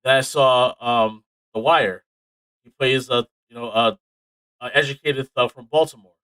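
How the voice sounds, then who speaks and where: A man co-hosting a casual podcast, telling stories with animated energy, plenty of swearing and laughter. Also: medium pitch, unhurried, clean tone, dry recording, low-quality recording. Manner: animated storytelling, heavy swearing, frequent laughs. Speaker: podcast co-host. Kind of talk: casual chat.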